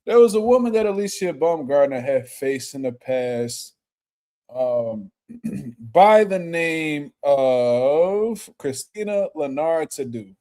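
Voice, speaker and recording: Casual male reaction host, slangy and animated, slightly higher voice. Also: slow pace. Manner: slangy, animated, laughs loudly. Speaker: boxing commentator.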